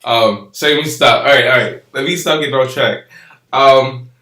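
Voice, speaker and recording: A man's voice: medium pitch, normal speed, bright, forceful tone, echoey room. A young man casually recapping and reviewing an anime episode, rambling with lots of fillers and laughs.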